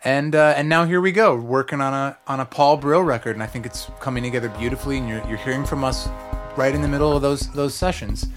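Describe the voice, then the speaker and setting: A man's voice: medium pitch, fast, over music. A man hosting a podcast, chatting casually from a recording studio with a rambling, filler-heavy way of talking. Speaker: podcast host. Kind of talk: casual chat.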